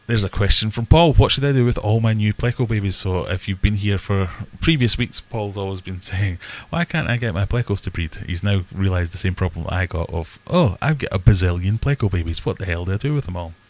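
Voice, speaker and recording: A man's voice: fairly low pitch, expressive, a little fast, few pauses. A man hosting a casual livestream, chatting in a rambling, self-deprecating way and answering viewer questions. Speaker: livestream host. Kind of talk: casual live chat. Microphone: desk webcam setup.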